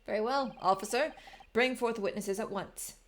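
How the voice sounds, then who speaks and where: A woman's voice: fairly high pitch, moderate pace, a little hiss or hum, natural voice. A woman voicing a formal male judge presiding over a trial.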